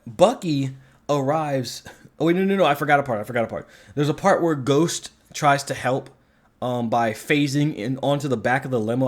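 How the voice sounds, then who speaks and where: A man talks through a film review in a loose, rambling way, full of fillers and curses. He sounds openly exasperated, and his voice sits at an ordinary middle pitch. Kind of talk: casual movie review rant.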